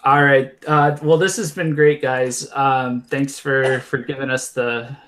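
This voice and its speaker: A man hosting a casual online show, relaxed and wrapping up with guests. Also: medium pitch, a little slow. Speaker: show host.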